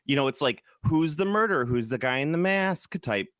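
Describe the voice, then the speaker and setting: A man's voice: a little high, animated, fairly quick, fairly bright tone, dry recording, studio quality. A man from Chicago co-hosting a podcast, chatting casually in a rambling, enthusiastic way, often trailing off and restarting. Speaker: podcast co-host. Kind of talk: casual chat.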